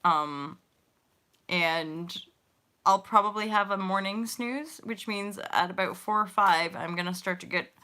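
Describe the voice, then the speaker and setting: A woman's voice: medium pitch, measured pace, bright, forceful tone. A woman in her thirties hosting a casual spiritual livestream, rambling and giggling as she talks to viewers in the chat. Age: 30s. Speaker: host of a spiritual livestream show.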